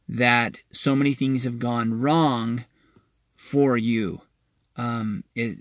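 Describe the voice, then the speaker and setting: Male practitioner talking straight to his listeners. Mid-pitched, earnest and reassuring, stumbles and repeats words. Dry, close recording. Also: bright, forceful tone, no room sound. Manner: halting and repetitive, often restarting and doubling words. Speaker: wellness practitioner addressing listeners. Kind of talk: casual spoken monologue to listeners.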